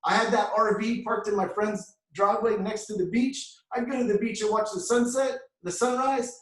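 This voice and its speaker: A man telling his story as an energetic motivational testimonial, often calling the crowd "guys.". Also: high-pitched, moderate pace, reverberant, far from the mic, low-quality recording. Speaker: award recipient speaker.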